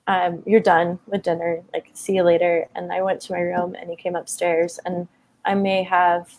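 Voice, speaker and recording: A woman's voice: mid-range voice, vocal fry, a little mellow, slight background noise. A woman in her thirties telling a personal story in a conversation, open and emotional, with many fillers. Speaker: guest.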